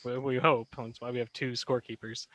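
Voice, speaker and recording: A man's voice: mid-range voice, level tone, a little fast, a bit bright, poor audio. Teasing young man hosting a video call. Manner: teasing, playfully bossy. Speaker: host. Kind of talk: casual joking chat on a video call.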